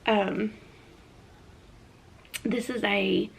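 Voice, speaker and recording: Young Southern woman, casual book chatter, gravelly edge, mid pitch. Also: measured pace, long pauses. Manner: chatty, animated hand talker with many fillers. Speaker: book reviewer. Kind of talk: casual chat.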